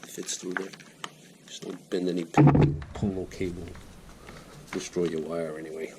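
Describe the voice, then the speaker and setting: A middle-aged man with a very low voice explains a motorcycle repair step by step while he works. He is breathing hard the whole time, and his speech stays plain and practical. The home garage recording has a lot of noise behind him. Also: flat delivery, normal speed. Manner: plain-spoken, talks while working with his hands. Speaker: home mechanic. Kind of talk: casual how-to demonstration.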